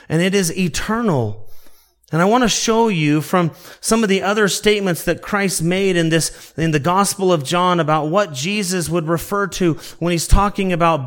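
A man preaching a sermon as pastor, slow and deliberate, stretching out quoted verses for emphasis and calling his listeners beloved. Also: sits high, fairly bright tone.

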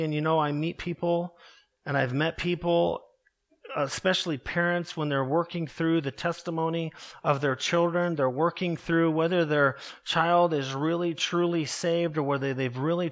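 A man preaching a sermon earnestly, slowing down and dropping his voice low to stress key words. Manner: earnest preaching, slows and drops low for emphasis. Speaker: pastor.

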